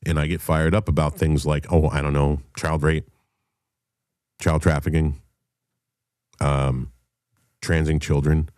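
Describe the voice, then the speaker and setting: A man's voice: rumbling low, flat delivery, a little slow, pauses often, darkish tone, no room sound, clean studio sound. A middle-aged man hosting a podcast, telling a story in a heated, profane monologue. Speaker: podcast host. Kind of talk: casual monologue.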